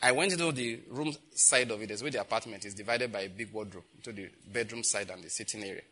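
A man in his fifties with a Nigerian accent, a pastor preaching and telling personal stories, growing loud and emphatic when he acts out conversations. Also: fairly low pitch, fast talker, breathy edge. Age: 50s. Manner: animated storytelling, grows loud and emphatic when acting out dialogue.

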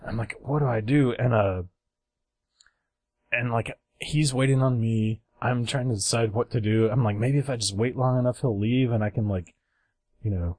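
A man's voice: mid-range voice, steady tone, moderate pace, a little mellow, no echo. A young man on a podcast telling a long rambling story in casual chat, acting out other people's voices and laughing at himself.

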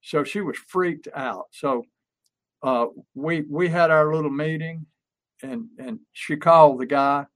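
A man's voice: a little high, lively intonation, unhurried, a bit bright. An older man, co-hosting a podcast and telling folksy sales stories with fillers and restarts. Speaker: podcast co-host, pest control sales coach. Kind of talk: casual podcast talk.

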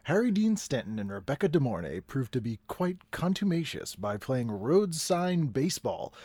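A man's voice: mid-range voice, big pitch swings, a little mellow, breathy edge, dry recording. A man putting on a formal newsreader announcer. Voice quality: measured, formal announcer delivery. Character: male newsreader-style announcer.

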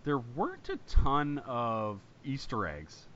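A man co-hosting a podcast, talking fast and rambling, often swearing and laughing. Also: medium pitch, huge pitch swings, a bit bright, dull audio, slight background noise. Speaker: podcast co-host. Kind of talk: casual chat.

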